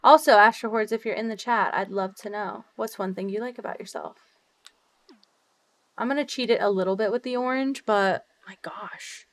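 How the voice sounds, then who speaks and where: Young woman streamer, middle pitch, bubbly and loose-mouthed, chatty game-stream delivery with sudden squeals. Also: a little fast, dry recording. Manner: bubbly, swears freely, laughs often, big jumps in pitch. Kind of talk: casual livestream chat while gaming.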